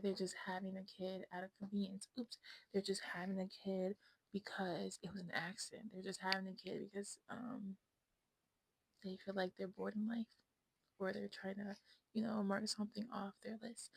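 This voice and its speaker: A woman's voice: medium pitch, little pitch movement, moderate pace, vocal fry, breathy edge, no room sound, poor audio. A woman in her twenties talking casually to her phone camera at home, rambling and frank, often dropping into a whisper. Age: 20s. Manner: rambling, self-absorbed, frank, slips into whispers. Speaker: vlogger. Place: at home indoors.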